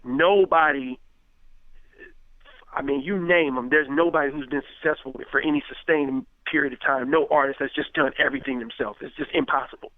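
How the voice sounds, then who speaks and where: A man's voice: mid-range voice, fairly quick, dry recording. Brief: male rapper, 30s, loose talk full of fillers, dry, lo-fi phone-band sound. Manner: animated, acts out quoted dialogue, many fillers. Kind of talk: casual interview talk. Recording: tinny phone-like radio sound.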